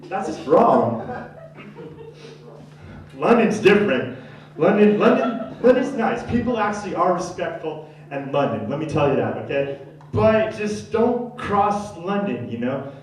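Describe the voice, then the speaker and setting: A young man doing stand-up, telling a rambling, slangy story and loudly acting out the people in it. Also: on the high side, big pitch swings, unhurried. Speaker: stand-up comedian. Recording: echoey room from far off.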